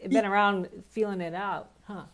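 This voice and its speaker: A woman's voice: medium pitch, fairly even intonation, normal speed. A woman hosting a casual live-stream chat, laughing often and asking short questions. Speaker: host.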